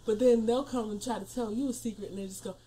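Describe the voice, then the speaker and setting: A woman's voice: on the high side, fairly even intonation, fast, mellow. A woman co-hosting a podcast from home on a desk mic, chatting casually and laughing often as she teases her co-host. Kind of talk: casual chat. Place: home room. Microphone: desk mic on a stand with headphones.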